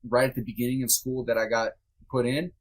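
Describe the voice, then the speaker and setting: A man speaks briskly in a level, medium-pitched voice as a podcast guest recounting a personal story. His style is loose and conversational with many fillers, frank, and occasionally profane.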